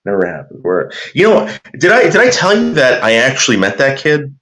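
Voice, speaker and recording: A man's voice: medium pitch, wildly swooping pitch, fairly quick, a bit bright. A man casually chatting and telling a rambling, profane story while reacting to viewer comments.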